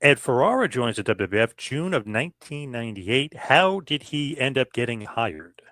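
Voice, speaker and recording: Man hosting a podcast, relaxed questions, mid-pitched voice, dry close mic. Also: normal speed, no echo. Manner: relaxed, asks questions conversationally. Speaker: podcast host. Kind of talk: casual podcast interview.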